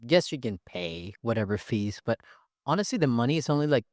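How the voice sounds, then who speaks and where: A man's voice: mid-range voice, big pitch swings, a little fast, no echo. Playful male podcast host, dry close mic. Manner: playful, teasing, upbeat interviewer. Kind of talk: casual interview chat.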